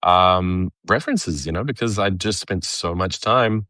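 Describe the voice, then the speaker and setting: A man's voice: sits low, unhurried, sharp tone, no room sound, clean studio sound. An Australian man, a cartoonist, chatting casually on a live video, rambling with fillers and restarts and laughing often. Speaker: cartoonist guest.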